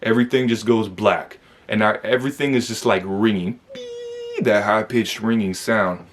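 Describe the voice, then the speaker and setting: A man's voice: lowish voice, fairly even intonation, normal speed. A young man from Michigan telling a personal story to camera in a casual, conversational way, with frequent fillers and tag questions. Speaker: vlogger recounting his youth incarceration.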